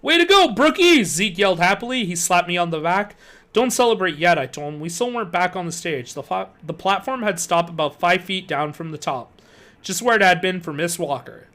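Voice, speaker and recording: A man reading a children's horror novel aloud, expressive, on a home stream. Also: high voice, brisk. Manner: expressive storytelling.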